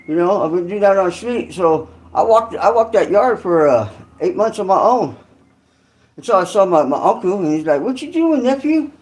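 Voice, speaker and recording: Man from California, high voice, loose slangy storytelling, profane. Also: expressive, moderate pace. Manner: rambling slangy street talk, profane. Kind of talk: casual storytelling.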